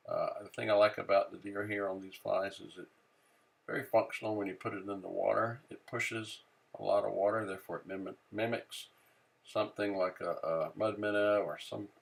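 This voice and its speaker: Low gravelly man explaining a craft. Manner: relaxed, many "uh" fillers, thinking aloud while working. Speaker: fly tying instructor. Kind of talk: casual how-to narration.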